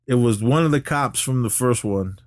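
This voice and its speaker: A man co-hosting a podcast, recapping a film in a casual, animated way and often laughing while he talks. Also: moderate pace, no room sound. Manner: animated retelling, jumps up in pitch when quoting characters. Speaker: podcast co-host.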